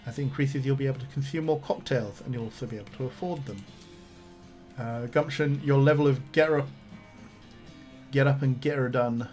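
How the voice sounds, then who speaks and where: A man of middle pitch chats through a video game stream, reading the game's text aloud and dropping easygoing comments between lines. Faint guitar music plays softly underneath. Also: moderate pace, pauses often. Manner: chatty, reads on-screen text aloud with asides. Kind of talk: casual game let's-play commentary.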